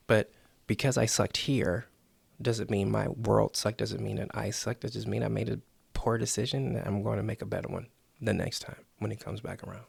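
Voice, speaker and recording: A man's voice: fairly low pitch, fairly even intonation, normal speed, creaky, breathy edge, dry recording. A man hosting a motivational podcast, coaching earnestly and acting out the inner voices people hear. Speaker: podcast host.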